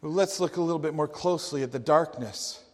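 A man preaching a sermon, slow and emphatic, with dramatic quotations. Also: fairly high pitch. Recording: long hall reverb.

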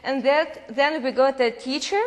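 A Ukrainian woman from Ukraine speaking to a church congregation, telling lively stories, laughing and acting out voices as she goes. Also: sits high, measured pace, big-room sound. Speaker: guest speaker at a church, interpreting for her husband. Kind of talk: storytelling testimony to a congregation.

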